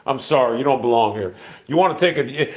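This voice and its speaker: With a medium-pitched, animated voice and a fairly quick pace, this livestream host in his fifties keeps things casual. His talk is rambling, irritated and full of profanity.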